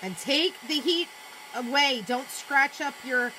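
A woman hosting a live crafting demo, chatting excitedly and talking to herself as she works. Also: high voice, takes it slowly, slight background noise. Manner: excitable, gushing, talks to herself while working. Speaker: craft demonstrator, live streamer.

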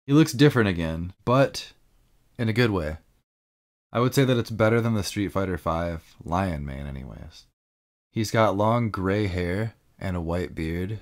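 A man co-hosting a podcast, chatting casually about fighting games with frequent laughs and loose filler words. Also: lowish voice. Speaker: podcast co-host.

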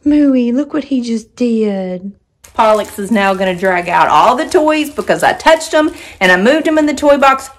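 A woman's voice: a little high, lively intonation, normal speed. A woman, chatting casually to her viewers and her dogs at home, laughing often. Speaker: vlogger, dog owner. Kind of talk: casual vlog narration talking to her dogs. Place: home and backyard.

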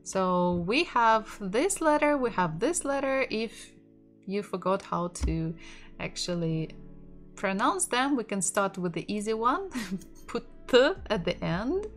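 A woman's voice: mid-range voice, animated, a little slow, faint music behind. A woman from Russia, a native Russian speaker with a Russian accent, teaching a casual online language lesson, repeating words aloud and laughing lightly as she goes.

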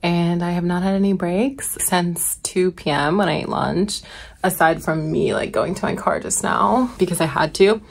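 A woman's voice: lowish voice, normal speed, creaky. Chatty young woman vlogging. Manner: chatty and candid, peppered with "like". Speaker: medical student vlogger. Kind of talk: casual vlog chat to camera.

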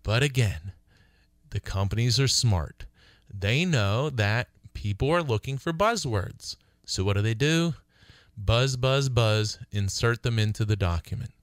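A middle-aged man hosting a radio show as an attorney, explaining lease terms emphatically and slowing to read contract wording aloud. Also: mid-range voice, no room sound, clean studio sound.

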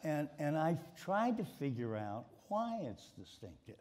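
This older guest, a sports writer from Baltimore with a mid-Atlantic accent, spins stories before a live audience in an onstage conversation, with many repeated words. His voice runs on the high side with big pitch swings, a darkish tone and a measured pace.

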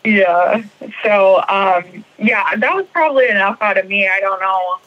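A woman's voice: mid-range voice, unhurried, no room sound, dull audio. A woman guest on a recovery podcast, speaking earnestly and hesitantly with fillers. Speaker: guest sharing recovery story. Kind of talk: casual podcast chat.

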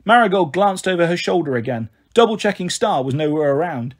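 Male storybook reader, animated, slightly husky. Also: on the high side, brisk. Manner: expressive, voicing characters. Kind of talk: reading a children's novel aloud.

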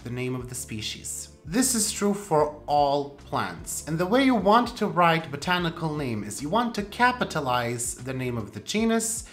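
Host: woman, low voice, playful teacher, soft music bed behind. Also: very animated, moderate pace, few pauses. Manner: playful, with sudden jumps in pitch for emphasis. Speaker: plant channel host. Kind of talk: casual instructional talk.

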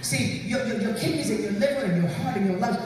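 A woman preacher, giving a sermon that swings from quiet storytelling to shouted calls, repeating her words and calling out to the congregation. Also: mid-range voice, fast talker. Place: large church hall. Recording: echoey hall, mic heard from far off.

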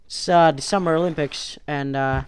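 A woman narrating her own gameplay in a let's play, excitable, with yelps and whoops, and losing her voice. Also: low voice, normal speed, a little hiss or hum. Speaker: gaming YouTuber.

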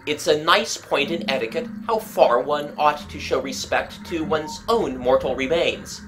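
A dry, ironic gentleman, as a woman reads him, wry and unhurried in a storybook reading. His voice sits low and stays close to the reader's own. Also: over music.

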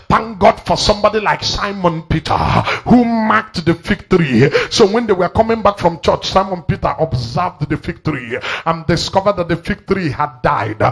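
A man with a slightly high, creaky, somewhat rough voice preaches a sermon to a congregation at a church service. He's emphatic and repetitive, frequently putting questions to the crowd.

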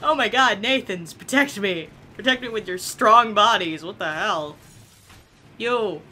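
A young woman giving casual, excitable gameplay commentary, swearing and laughing often. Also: medium pitch, unhurried, a little hiss or hum. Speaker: gameplay video creator.

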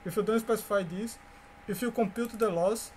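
A man whose first language is Portuguese, teaching a coding lecture in a halting way, with fillers, restarts and repeated words. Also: high-pitched, a little hiss or hum. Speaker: course instructor.

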